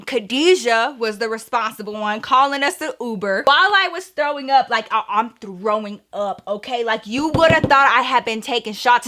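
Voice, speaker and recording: A young woman telling a storytime vlog in a chatty, animated way, often calling viewers "girl". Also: high voice. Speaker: vlogger.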